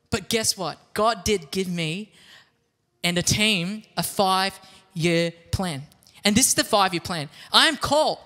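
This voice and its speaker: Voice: mid-range voice, sharp tone. A conference founder, giving an earnest, reflective opening address. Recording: long hall reverb.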